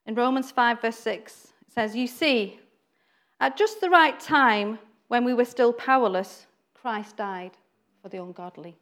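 A woman's voice: on the high side, a little slow, a bit bright. A woman giving an informal, chatty sermon, acting out quoted voices and laughing now and then. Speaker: preacher.

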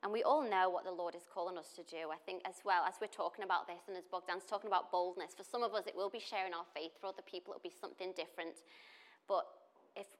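A woman's voice: lowish voice, fairly even intonation, fast talker. Chatty woman giving a sermon. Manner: conversational, with chatty asides and restarts. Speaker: church speaker.

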